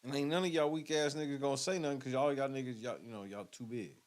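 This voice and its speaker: A man's voice: mid-range voice, fast talker. A man hosting a show, reacting to video clips in casual, profane commentary and laughing often. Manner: profane, laughing, talking back to the clip.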